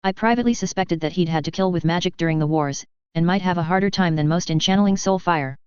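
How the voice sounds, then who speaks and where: A woman's voice: on the low side, fast talker, darkish tone, clear, resonant tone, no echo. A woman narrating a first-person fan fiction audiobook with wry, dry storytelling. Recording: dull lo-fi recording.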